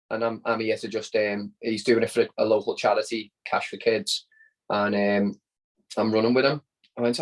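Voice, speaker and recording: A man's voice: on the low side, fairly even intonation, normal speed, low-quality recording. A man from Liverpool with a Scouse accent, a podcast guest telling a story in casual chat, often repeating words as he goes. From Liverpool, England.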